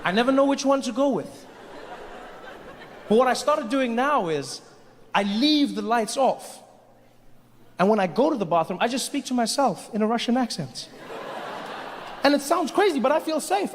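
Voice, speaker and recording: A man's voice: extremely high pitch, animated, brisk, pauses often, some chatter behind. A man performing a stand-up comedy set on a large stage, telling stories animatedly and jumping into character voices. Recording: stage mic with long hall reverb, faint hiss.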